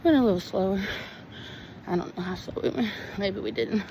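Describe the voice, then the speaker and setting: A woman's voice: medium pitch, a little fast. A woman vlogging on a hilly outdoor trail, out of breath, panting and chatting to her viewers. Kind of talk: casual walking vlog. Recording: outdoor phone recording with loud background noise.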